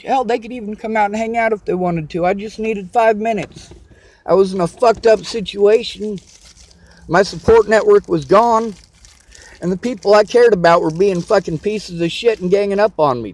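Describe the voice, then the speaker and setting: A man venting to camera in an agitated, profane, repetitive rant. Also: high-pitched. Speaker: vlogger. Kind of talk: angry personal rant to camera.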